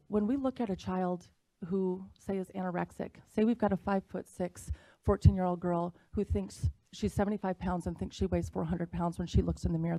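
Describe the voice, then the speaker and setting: A woman delivering an earnest public comment, her voice gravelly with fry. She sounds emotional and determined. The sound is dry and close. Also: on the low side, warm tone, no room sound.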